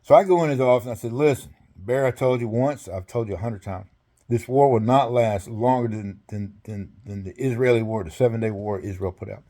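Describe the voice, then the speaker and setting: An older man recounts an old story as an interview guest. He rambles, laughs often and acts out both sides of conversations. His voice sits at a middle pitch for a man. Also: brisk, warm tone.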